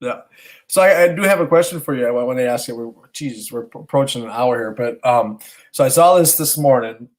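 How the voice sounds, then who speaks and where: Man, 30s, podcast co-host, casual storytelling, rambling, animated, swears casually, mid-pitched voice. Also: fairly quick, rough recording.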